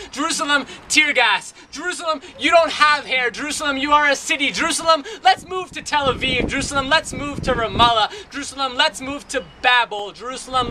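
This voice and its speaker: A man's voice: very high voice, pushed and bright, a little hiss or hum, rough recording. A man performing spoken word poetry in a wry, rhythmic way, repeating a refrain, recorded outdoors in a city. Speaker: poet.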